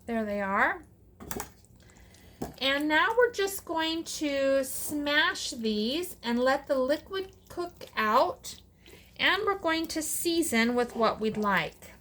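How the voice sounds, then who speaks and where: A woman's voice: high voice, animated, slow, fairly bright tone, slight background noise. A middle-aged woman hosting a casual cooking vlog, chatting along with sassy asides as she works. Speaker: cooking channel host.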